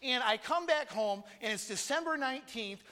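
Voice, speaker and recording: Bright, high-voiced young preacher man. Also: animated, moderate pace. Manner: earnest, personal storytelling, calls on listeners by name. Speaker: missionary preacher. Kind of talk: conversational sermon. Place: church hall. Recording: long hall reverb.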